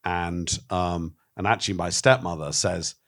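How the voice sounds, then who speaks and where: A man with a very low voice speaks candidly in an interview. He tells stories with animation and swears freely. He acts out the voices of the people he quotes. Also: measured pace, fairly bright tone. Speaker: documentary filmmaker, interviewee.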